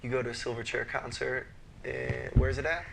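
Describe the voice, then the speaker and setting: Male podcast host, monotone and gravelly, noisy audio. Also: mid-range voice, a little fast. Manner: laid-back, prompting questions. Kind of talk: casual chat. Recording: noisy recording.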